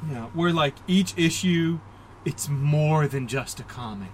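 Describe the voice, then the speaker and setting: A man's voice: on the high side, unhurried, a little hiss or hum, low-quality recording. A man co-hosting a casual podcast, rambling and self-deprecating, with many fillers and restarts. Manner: rambling, self-deprecating, puts on mock voices. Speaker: podcast co-host. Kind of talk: casual comic book discussion.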